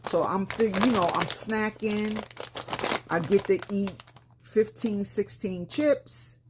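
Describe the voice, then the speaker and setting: A woman in her fifties from Brooklyn, New York, with a Brooklyn accent and a rough, slightly raspy voice, chatting casually to viewers about a shopping haul in a plain-spoken way with slang. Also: mid-range voice, slow, heavy background noise. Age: 50s. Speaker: lifestyle vlogger.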